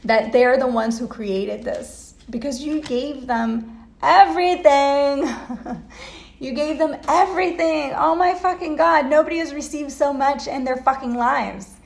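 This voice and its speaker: Woman tarot reader, blunt, emotional, swears a lot; highish voice, roomy home recording. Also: measured pace, creaky. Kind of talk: casual tarot reading. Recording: echoey room.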